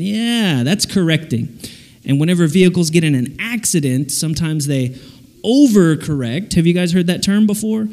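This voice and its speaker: Animated man preaching in a big hall. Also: on the high side, normal speed. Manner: animated, jokey, acts out little voices. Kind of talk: lively sermon to a youth audience. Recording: long hall reverb.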